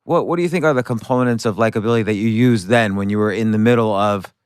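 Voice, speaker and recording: A man's voice: lowish voice, fast talker, clean tone, no room sound, clean studio sound. A man hosting a podcast, asking curious questions and often restarting his phrases as he works them out. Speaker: podcast host. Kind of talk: interview questions.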